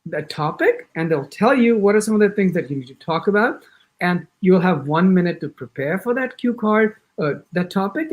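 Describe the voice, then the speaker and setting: American-accent guy running an exam prep class, kinda high voice, really lively up and down, lots of restarts. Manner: animated, talks fast in bursts with many restarts; acts out sample exam answers. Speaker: IELTS instructor. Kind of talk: orientation lecture.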